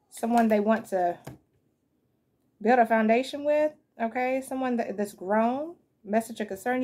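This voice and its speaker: Casual tarot reader, woman, upper voice, talks her thoughts out loud and laughs easily. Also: on the high side, slight background noise. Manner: chatty, thinking aloud, laughs and swears casually.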